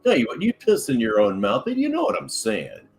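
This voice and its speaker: A man's voice: mid-range voice, wildly swooping pitch, brisk, vocal fry, a little mellow, faint music behind. A man hosting reaction commentary, sarcastic, mocking and crude. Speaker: commentary host.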